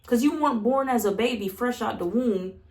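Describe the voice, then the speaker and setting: A woman's voice: on the high side, brisk, darkish tone. Blunt, profane woman, echoey room. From Southern United States. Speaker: vlogger. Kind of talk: candid casual monologue.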